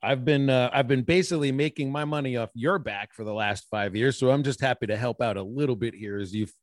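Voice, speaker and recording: A man's voice: medium pitch, a little fast, no room sound, studio quality. A man who calls baseball play-by-play, chatting casually as a guest over a video call with an easygoing, self-deprecating manner.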